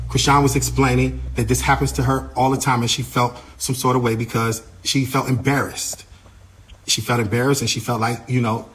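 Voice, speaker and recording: A man working as a tour manager, telling what happened in a casual, animated way, often repeating himself and acting out what others said. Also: mid-range voice. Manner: animated, repeats himself, acts out quoted voices. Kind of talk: casual storytelling account.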